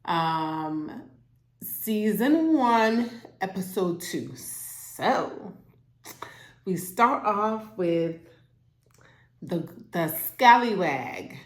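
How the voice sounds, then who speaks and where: A woman at home giving a casual, animated recap of a TV show, acting out the characters' lines as she goes. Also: medium pitch, drawn-out words, long pauses. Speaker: TV show reviewer. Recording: roomy echo.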